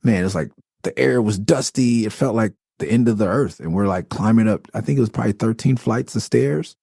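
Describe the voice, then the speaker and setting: Man, middle-aged, from Los Angeles, podcast host, very deep voice, gravelly, mellow tone, profane casual storytelling. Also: a little fast, no room sound. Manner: loose, profane, rambling with restarts.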